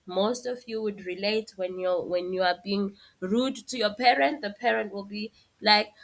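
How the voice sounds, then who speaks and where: A woman's voice: medium pitch, moderate pace, few pauses. A woman teaching a language lesson, patiently explaining and translating example sentences. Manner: explains patiently, switching between Zulu and English with translations.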